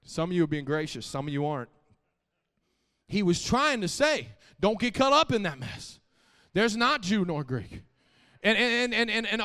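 A man with an unusually high-pitched voice delivers a sermon to his church. He teases the congregation in soft asides, then climbs to loud, emphatic refrains, driving home each point by saying it again. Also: normal speed, big-room sound. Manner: animated preaching, swinging from soft asides to shouted peaks; repeats phrases for emphasis and talks straight to the congregation. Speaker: preacher. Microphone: live-streamed church mic.

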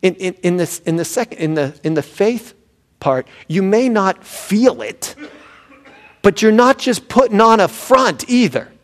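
A pastor preaching a sermon, animated and swinging from loud emphasis to hushed tones. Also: male voice, sits high, a little slow.

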